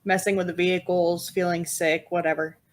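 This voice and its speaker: A woman co-hosting a horror podcast, chatting casually and explaining things in a steady, measured way. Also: fairly low pitch. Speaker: podcast co-host. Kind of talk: casual chat.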